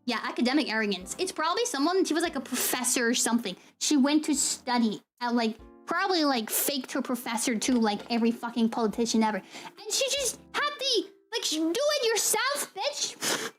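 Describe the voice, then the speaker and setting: A young woman streamer chatting casually with her viewers, telling an animated, ranting story and laughing often. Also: fairly high pitch, brisk, faint music behind. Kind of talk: casual live-stream chat.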